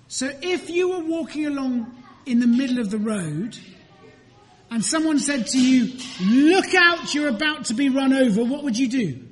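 In a reverberant church room, a woman with a high, darkish voice leads a children's talk. She speaks slowly, clearly and deliberately, asking the children questions and waiting for their answers.

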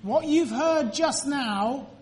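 A woman's voice: sits high, darkish tone. A woman leading a children's talk in church, asking the children questions and waiting for answers. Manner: slow, clear, deliberate. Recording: reverberant church room.

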